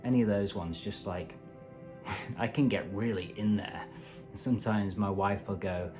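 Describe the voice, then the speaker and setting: A man's voice: on the low side, measured pace, a little mellow, faint music behind. A man hosting a meditation channel, talking casually and animatedly to camera with playful asides. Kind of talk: casual self-help talk to camera.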